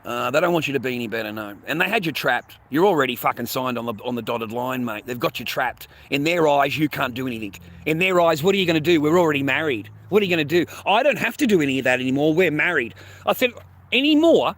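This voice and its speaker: A man's voice: medium pitch, animated, quick pace, fairly bright tone. A middle-aged man ranting on a livestream, blunt and crude, swearing constantly. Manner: crude, profanity-heavy, blunt.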